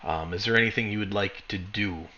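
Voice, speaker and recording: A lower-pitched man with a bright, forward tone narrates a tabletop game, rambling and correcting himself. The recording sounds dull and lo-fi. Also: brisk, slight background noise. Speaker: game master.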